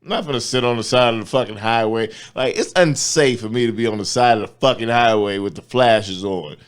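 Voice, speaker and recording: A man's voice: mid-range voice, a little fast, clean tone. A man telling a long, profane story in casual chat, acting out the people he quotes. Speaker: comedian guest.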